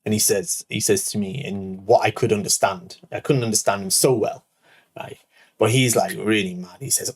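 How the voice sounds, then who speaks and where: A man's voice: lowish voice, fairly even intonation, brisk, breathy edge. A man in his thirties, a show host, telling a rambling personal anecdote full of "like" and "right?". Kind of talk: casual storytelling.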